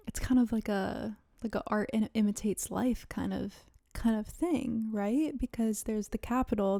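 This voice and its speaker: Creaky-voiced young woman chatting on a podcast. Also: medium pitch, no room sound, studio quality. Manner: chatty, rambling, frequent "like" fillers, soft laughs. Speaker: podcast host. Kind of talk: casual solo podcast chat.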